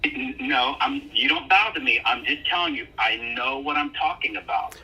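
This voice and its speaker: A man's voice: a little high, normal speed, sharp tone, recorded from a distance, a little hiss or hum, poor audio. A man calling into a live stream, arguing insistently and repeating his points. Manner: insistent, argumentative. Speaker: caller. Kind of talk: heated live debate.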